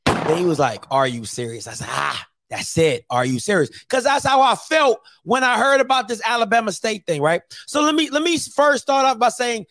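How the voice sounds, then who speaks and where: A man's voice: high voice, moderate pace, a bit bright. A man hosting a sports talk show, ranting casually with slang and repeating phrases for emphasis. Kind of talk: casual sports commentary rant.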